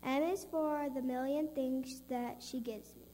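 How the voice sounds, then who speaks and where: A woman slowly reciting a poem in turns at a church service. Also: sits high, fairly even intonation, warm tone, slight background noise.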